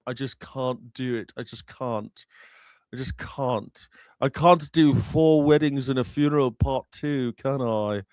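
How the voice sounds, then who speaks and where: A man's voice: mid-range voice, smooth, no room sound, studio quality, close to an everyday voice. A man doing a mumbling apologetic English gent. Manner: soft halting stammer. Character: mumbling apologetic English film star impression.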